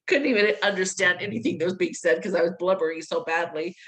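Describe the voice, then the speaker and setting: A woman's voice: on the low side, expressive, fairly quick, fairly bright tone, low-quality recording. A middle-aged woman telling a personal story in an interview, acting out the voices she quotes and laughing between lines. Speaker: interview guest.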